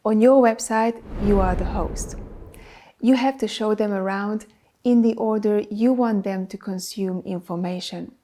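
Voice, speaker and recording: A woman who is not a native English speaker hosts a business advice talk to camera, producing videos for clients. She speaks emphatically and lists items in a steady rhythm. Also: medium pitch, unhurried, slight background noise. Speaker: video producer and channel host.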